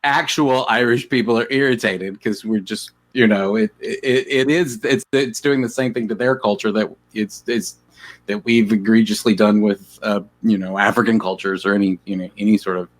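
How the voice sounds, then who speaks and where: A man's voice: lowish voice, fairly even intonation, moderate pace. A man in a casual roundtable chat who speaks hesitantly, searching for words. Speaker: podcast guest.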